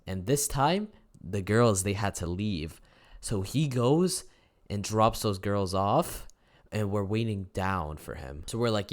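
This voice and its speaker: A teenage guy telling a story in casual, slangy, profane talk, rambling with restarts and yelling out the quotes. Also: a little slow. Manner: acts out quotes in a loud high yell. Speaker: storytime YouTuber. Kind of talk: casual storytelling over gameplay.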